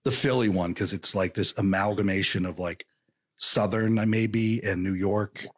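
A man's voice: on the low side, normal speed, husky. A man co-hosting a podcast, chatting casually and animatedly, sometimes slipping into joking voices. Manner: animated, slips into mock voices. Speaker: podcast co-host. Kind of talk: casual chat.

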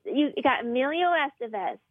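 A woman comedian chatting on a radio show, animated and rambling, laughing as she talks. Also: high-pitched, normal speed, no room sound, narrow, tinny audio. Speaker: comedian guest. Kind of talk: casual radio chat.

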